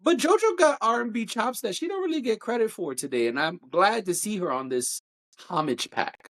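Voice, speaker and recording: A podcast co-host whose pitch swings widely. The delivery is animated and opinionated, with a playful teasing edge. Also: moderate pace. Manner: animated, jumps pitch to mimic singers. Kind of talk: casual podcast chat.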